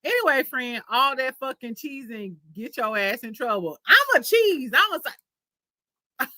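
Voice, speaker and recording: A young adult woman hosting a casual livestream chat, telling stories in a candid, profane, animated way. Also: high-pitched, unhurried, dry recording. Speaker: livestream host.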